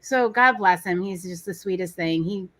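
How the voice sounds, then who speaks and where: A woman co-host in her forties, talking casually and telling stories with lively energy. She acts out what others said as she goes. Her voice is dry and close, with little room sound. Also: lowish voice, moderate pace, no room sound. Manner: animated storytelling, acts out quoted people. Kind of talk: casual chat.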